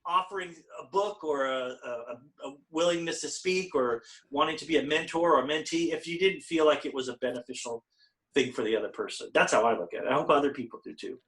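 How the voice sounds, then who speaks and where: A man from California, a guest author and speaker, talking with enthusiasm in a playful, animated way. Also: fairly high pitch, fairly quick, low-quality recording. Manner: animated, playful, laughs often. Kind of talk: enthusiastic conversation.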